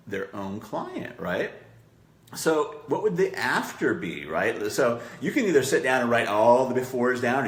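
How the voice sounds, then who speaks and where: A man's voice: on the low side, creaky, roomy sound. A man teaching marketing copy in a coaching session, talking conversationally and checking in with "right?" as he acts out client quotes.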